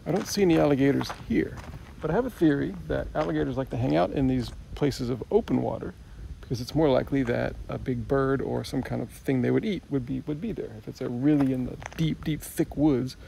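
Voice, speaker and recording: A man's voice: medium pitch, brisk, creaky, warm tone, a little hiss or hum. A man in a casual outdoor travel vlog, talking in a chatty, wry and self-mocking way. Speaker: travel vlogger. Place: outdoors by a swamp.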